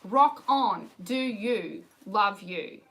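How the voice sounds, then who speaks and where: A woman's voice: medium pitch, lively intonation, extremely slow, a bit bright, rough recording. An Australian woman, a riding coach, answering viewer questions on a live stream in a bubbly, upbeat way and laughing often.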